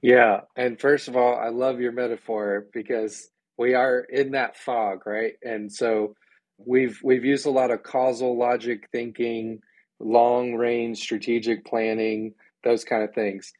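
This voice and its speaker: A man's voice: mid-range voice, level tone, slow pace, a little mellow, no room sound. A man being interviewed as a guest on a podcast, speaking with enthusiasm and often acting out the voices of people he quotes. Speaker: podcast guest, church ministry director. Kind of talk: conversational interview.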